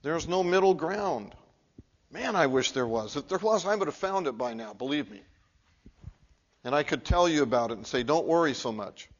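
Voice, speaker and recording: A male pastor preaching an earnest sermon in a church, swinging from emphatic peaks to low, quiet appeals. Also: animated, normal speed. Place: church sanctuary. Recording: muffled, lo-fi recording.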